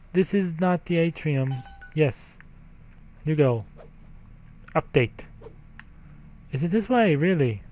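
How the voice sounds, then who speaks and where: A man giving gameplay commentary, profane, grumbling and yelling at the game. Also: a little high, expressive, slow pace, pauses often, a little hiss or hum. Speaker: let's play gamer.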